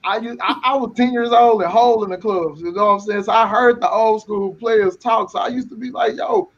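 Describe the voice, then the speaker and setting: A man with a high voice tells a dating story in loose slang, stopping and restarting as he goes. The sound is dull and lo-fi. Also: steady tone, fairly quick. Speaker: panel guest. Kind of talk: casual storytelling.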